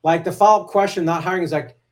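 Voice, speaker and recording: A man hosting a podcast, chatting casually with his guest and adding quick, encouraging remarks. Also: a little high. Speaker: podcast host. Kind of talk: casual interview chat.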